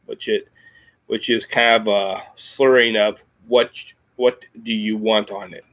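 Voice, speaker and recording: A man with a Midwestern American accent, explaining things in a casual chat, halting with many ums and restarts. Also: on the low side, little pitch movement, fairly bright tone, muffled recording. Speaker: podcast host.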